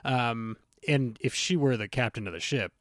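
A man hosting a podcast in casual chat, rambling and interrupting himself with lively asides. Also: mid-range voice, normal speed, no echo, studio quality. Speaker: podcast host.

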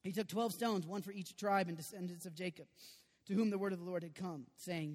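Male pastor, high voice, animated chatty preaching with loud bursts, echoing hall. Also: fairly quick. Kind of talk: sermon. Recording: long reverb of a large hall.

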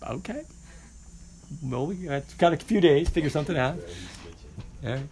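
A man teaching in a classroom, playful and animated. His pitch jumps up and down as he calls names and banters with the students. It sounds like casual roll call on the first day. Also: moderate pace, a little hiss or hum.

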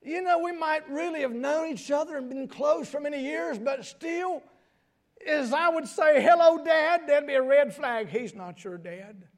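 An older man preaching a sermon, moving between quiet asides and sudden high, shouted emphasis. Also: normal speed.

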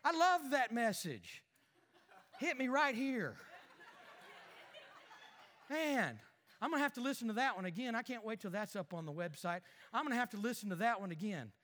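A petty, grumbling husband in church, as a preacher acts him out mutters gripes and flips to fake cheer. The voice sits high with a sharp, bright edge. It rings in a long, echoey hall. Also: male voice, sing-song, moderate pace, pauses often, exaggerated voice. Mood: fake cheerful. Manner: muttering complaints under his breath, fake cheer to others. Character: grumbling married male churchgoer, sulky and petty. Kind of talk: comic skit within a sermon.

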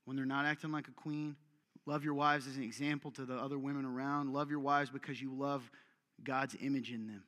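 A man's voice: medium pitch, steady tone, a little fast, fairly bright tone, in a large hall. A man preaching a sermon to a room of men in an exhortative, direct way, repeating short commands for emphasis. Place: church meeting room with audience.

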